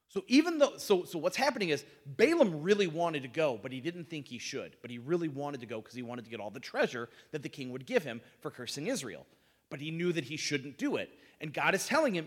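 A man casually teaching a Bible class, asking his listeners questions and retelling the story with lively quoted voices. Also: fairly high pitch, fairly quick, long reverb tail.

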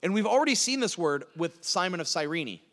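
A man preaching a sermon, teaching through a Bible passage with emphatic delivery that swings from loud to hushed. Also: high-pitched, very animated, brisk, in a large hall.

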